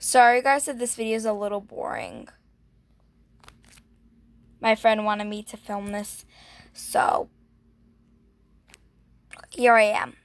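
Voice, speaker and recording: A young woman gives casual gameplay commentary as a gaming vlogger, gushing, gasping breathily and saying "like" constantly. Her mid-range voice has fairly even intonation and a slow pace with frequent pauses, and there's no room sound.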